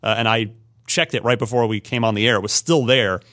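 A man's voice: on the low side, steady tone, brisk, a bit bright, dry recording, clean studio sound. A man hosting a gaming podcast, chatting casually and thinking aloud with plenty of fillers. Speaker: podcast host. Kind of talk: casual gaming news chat.

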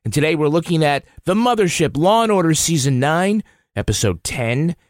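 A man's voice: fairly high pitch, expressive, moderate pace, a little hiss or hum. A man hosting a podcast in casual, playful chat, laughing easily. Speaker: podcast host.

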